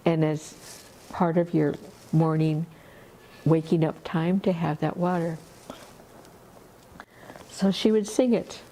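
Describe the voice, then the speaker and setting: A woman telling a story at a festival in an unhurried, conversational way, full of asides. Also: low voice, fairly even intonation, mellow, slight background noise. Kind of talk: oral storytelling.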